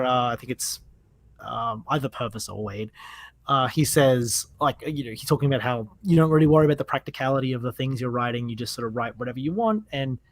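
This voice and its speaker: A man's voice: mid-range voice, no room sound. A man talking casually as a podcast guest, rambling with plenty of fillers and enthusiasm.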